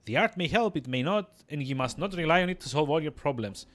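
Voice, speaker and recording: A man's voice: a little high, expressive, quick pace, voice pushed up, close to an everyday voice. A man voicing a sly, cackling old midwife from a game, in a teasing old-timey dialect. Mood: gruff. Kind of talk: reading game dialogue aloud.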